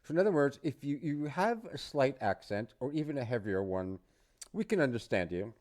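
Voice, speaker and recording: A middle-aged man from the United States, an English teacher talking through a casual lesson in a relaxed, chatty way with asides. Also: mid-range voice, moderate pace.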